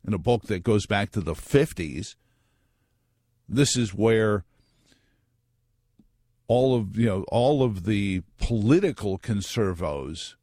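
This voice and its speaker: Wry low-voiced male radio host. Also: a little mellow, no echo, clean studio sound. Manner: wry, joking, digressive. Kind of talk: talk radio monologue.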